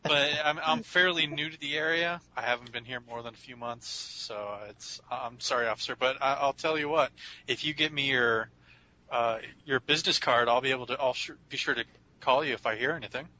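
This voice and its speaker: A courteous, apologetic young newcomer speaks to an officer, as a man plays him. His voice is strikingly bright and forceful. The sound is slightly muffled, with faint hiss. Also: medium pitch, brisk. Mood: polite. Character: polite young man new to town, male.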